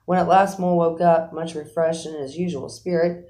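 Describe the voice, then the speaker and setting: Expressive male storybook narrator. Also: a little high, fairly quick, low-quality recording. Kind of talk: storybook reading.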